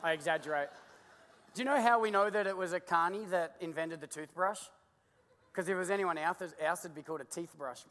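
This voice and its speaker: A man's voice: sits high, brisk, a bit bright. A middle-aged Australian man preaching a sermon, joking and telling stories, acting out voices. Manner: jokey storytelling, digressive, acts out voices. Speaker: pastor. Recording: long hall reverb.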